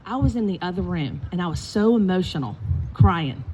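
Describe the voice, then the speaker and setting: A middle-aged woman, a basketball coach, telling lively stories in a eulogy and acting out the quotes. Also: on the low side, brisk, breathy edge. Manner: animated storytelling with acted quotes. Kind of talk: eulogy with storytelling. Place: indoors at a funeral gathering.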